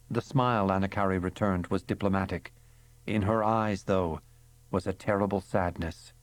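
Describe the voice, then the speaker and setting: A man reading a fantasy novel aloud in measured, dramatic narration. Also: low-pitched, fairly even intonation. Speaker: audiobook narrator. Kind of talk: scripted narration.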